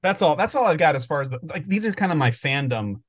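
A man's voice: fairly high pitch, lively intonation, fast. A man co-hosting a podcast, telling stories in a rambling, thinking-aloud way during casual chat. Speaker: podcast co-host.

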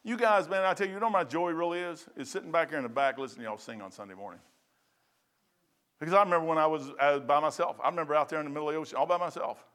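A man's voice: a little high, very fast, a bit bright. A middle-aged man preaching a folksy, conversational sermon full of asides as a pastor.

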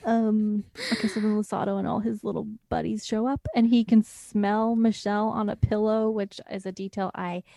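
A woman's voice: mid-range voice, little pitch movement, moderate pace, few pauses, dark tone, no echo, studio quality. A woman recapping a movie in casual chat, with wry asides and frequent laughter. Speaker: podcast co-host.

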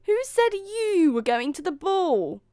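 Woman playing nasty shrieking stepsisters, storybook, very high, dry sound. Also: drawn-out words, clear, resonant tone, no room sound. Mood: mocking. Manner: shrill, sneering, shouting. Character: shrill mocking young stepsisters and stepmother.

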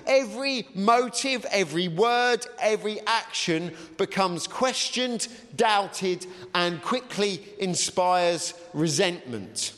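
A man preaching a sermon in a loose, conversational manner, often pausing on ums and uhs. His voice sits a little high and carries the long reverb of a large church hall. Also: a bit bright. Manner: chatty, with frequent ums and uhs. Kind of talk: sermon with a read-aloud story.

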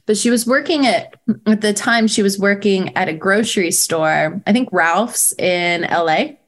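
A woman who teaches poetry, telling a story in casual chat with a frank, animated way of talking, full of "like" and the odd swear word. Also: medium pitch, unhurried.

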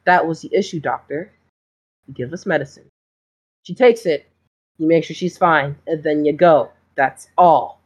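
A woman's voice: low voice, moderate pace, darkish tone, slightly rough, muffled recording. A woman voicing a serious young male duelist, curt and stern.

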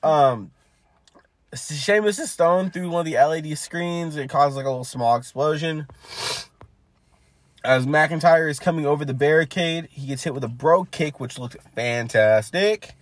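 A man's voice: fairly high pitch, normal speed, dry recording. Casting: guy co-host, loose rambling play-by-play with fillers, dry close sound. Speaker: podcast co-host. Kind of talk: casual match recap.

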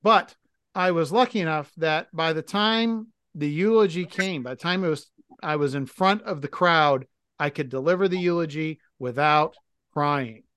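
A man's voice: fairly high pitch, moderate pace, fairly bright tone, clean tone, no echo, clean studio sound. A man co-hosting a podcast, talking candidly and reflectively, thinking aloud with restarts. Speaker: podcast co-host. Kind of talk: casual podcast chat.

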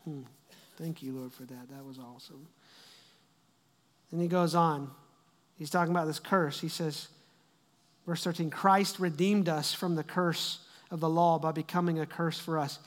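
A man with a high voice preaches a sermon, repeating his phrases as he builds and dropping from loud to hushed. His words ring out with the long reverb of a large church hall. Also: steady tone, normal speed, pauses often. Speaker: pastor.

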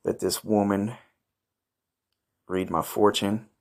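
A man with a deep, low voice narrates his own comic misadventure in a brash, swaggering way. He swears constantly and flares up in shouting outrage. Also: little pitch movement, slow, creaky. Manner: crude, profane, brash and swaggering. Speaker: comedy podcast host. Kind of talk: improvised first-person comic narration.

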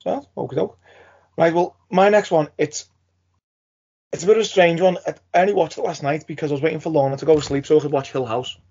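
A man's voice: fairly high pitch, fairly even intonation, fast talker, a little mellow, slightly rough. A man co-hosting a casual chat, easygoing and agreeable as he talks about shows. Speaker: podcast co-host. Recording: dull lo-fi sound.

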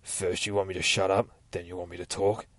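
A man voicing a sinister male prisoner who taunts his jailers in a low, whispery voice. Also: little pitch movement, fairly quick, a bit bright, dry recording. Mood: taunting.

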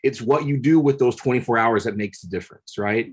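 A man's voice: medium pitch, brisk, breathy edge. A man, a podcast guest, telling a personal story earnestly and building to passionate peaks, often repeating his words. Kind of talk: casual conversation, storytelling.

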